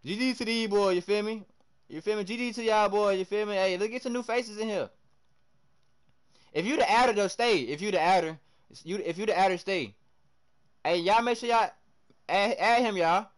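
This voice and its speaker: A young man streaming a basketball video game live, chatting to viewers and trash-talking his opponents as he reacts to each play. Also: high voice. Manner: animated trash talk, reacting loudly to plays. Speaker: livestreamer. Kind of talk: live gameplay commentary.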